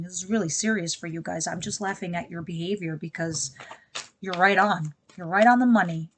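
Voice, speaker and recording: A woman does a casual tarot reading for her viewers, speaking bluntly and chattily with frequent asides. Her voice sits in the mid-range, with a little hiss or hum in the recording.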